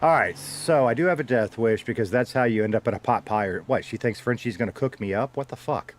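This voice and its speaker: A man's voice: medium pitch, brisk. A man chatting casually on a live stream, swearing freely and laughing often.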